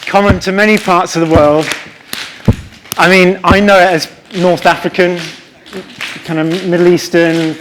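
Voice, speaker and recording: A man's voice: high voice, flat delivery, unhurried, pauses often, background noise. A man leading a live rhythm workshop, encouraging the group and vocalizing drum patterns. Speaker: music workshop leader. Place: lecture hall with a live audience.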